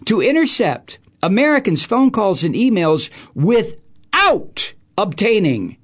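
A man's voice: sits high, wildly swooping pitch, takes it slowly, slightly rough. A middle-aged man hosting a talk radio show, ranting about politics in an angry, profane, sarcastic way. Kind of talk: political rant.

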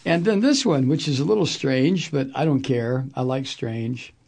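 A man's voice: mid-range voice, normal speed, creaky, a little mellow, breathy edge. A man hosting a political talk radio show, ranting with profanity and sarcasm, then reading sponsor messages. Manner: profane, heated, sarcastic, mocking impressions.

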